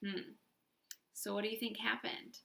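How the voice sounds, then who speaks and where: Kobieta czytająca dzieciom na głos. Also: female voice, mid-range voice, a little slow, vocal fry, echoey room. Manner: expressive, asks listeners questions. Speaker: storyteller. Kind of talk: reading a children's book aloud.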